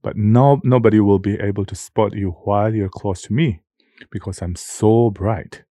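A man voicing a gracious lady made of glowing light in a storybook reading, speaking gently and coaxingly. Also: lowish voice, fairly even intonation, normal speed, no echo, clean studio sound, close to an everyday voice.

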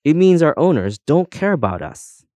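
A man voicing a timid, self-pitying male comb who wails and sobs in a high voice. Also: big pitch swings, normal speed, a little mellow, no echo, natural voice. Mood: sobbing. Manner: high, wailing and sobbing delivery.

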